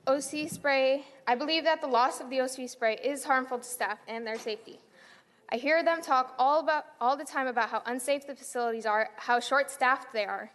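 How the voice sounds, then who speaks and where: A woman's voice: high voice, brisk, fairly bright tone, in a large hall. A teenage girl earnestly reading a public comment at a county meeting. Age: teens.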